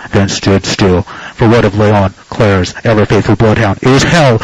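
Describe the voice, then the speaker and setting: Radio guy narrating a silly story, mid-pitched voice, deadpan grand tone, close studio mic. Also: no echo, low-quality recording. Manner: dry, mock-grand storytelling.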